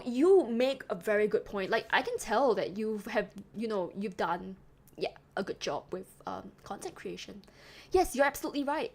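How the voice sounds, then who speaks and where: Chatty young woman streamer, lively pitch. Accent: mixed Singaporean, a little British. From Singapore. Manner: chatty, rambling, self-described yapper. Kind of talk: casual chat reading live chat.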